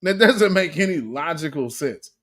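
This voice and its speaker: A man hosting a casual livestream, reacting to clips with animated commentary, laughing often and greeting viewers by name. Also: on the high side, moderate pace.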